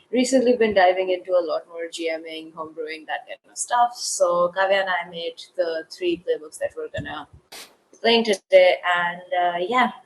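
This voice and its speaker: Shy woman player, lowish voice. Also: slight background noise, rough recording. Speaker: player and game designer.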